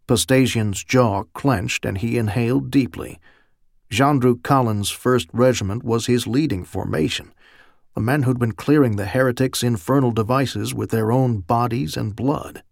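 A man giving steady, measured audiobook narration on a close studio mic. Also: mid-range voice, gravelly, no room sound.

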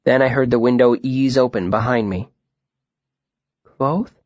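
A man reading a story aloud in a slow, quiet and reflective way. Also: mid-range voice, dry recording, lo-fi sound. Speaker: narrator. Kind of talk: audiobook narration.

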